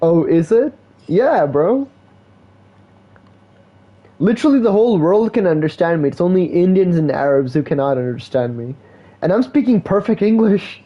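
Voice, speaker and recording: A man's voice: high-pitched, animated, moderate pace, long pauses, dull audio. A man streaming live, chatting casually in a slangy, laid-back way, full of "bro" and "like". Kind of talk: casual rambling stream chat.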